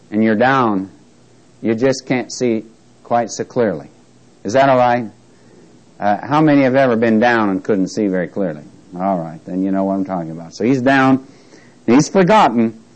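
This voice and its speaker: A man teaching an interactive Bible lesson, who reads scripture slowly with emphasis and jokes with his class. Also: medium pitch, darkish tone, poor audio.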